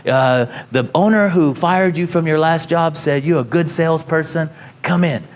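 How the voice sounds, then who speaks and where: Man doing a Hawaiian boss: high, brisk, clipped, encouraging. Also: lightly acted. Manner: short clipped commands.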